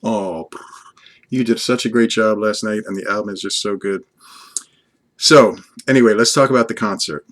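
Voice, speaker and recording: An older man from Long Island speaks in a slightly low voice, rambling on earnestly in a casual vlog. He talks fondly to an unseen companion, piling on praise and drifting between thoughts. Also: normal speed, a bit bright. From Long Island, USA. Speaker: vlogger.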